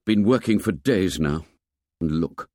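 A man's voice: sits low, lively intonation, a little slow, mellow, dry recording, studio quality. A man voicing a weary boy leader who talks in an exasperated, complaining tone.

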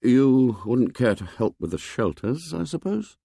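A man's voice: mid-range voice, big pitch swings, measured pace, gravelly, warm tone, breathy edge, no echo, studio quality, voice pushed up, heavily acted. A man doing Ralph, an exasperated boy leader. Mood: frustrated. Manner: exasperated, complaining, reasoning. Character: weary, frustrated boy leader.

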